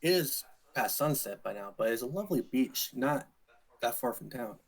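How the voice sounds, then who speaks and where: A man narrating a tabletop role-playing game as dungeon master, describing scenes slowly with frequent fillers. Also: medium pitch, vocal fry, low-quality recording. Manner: slow, relaxed narration with fillers.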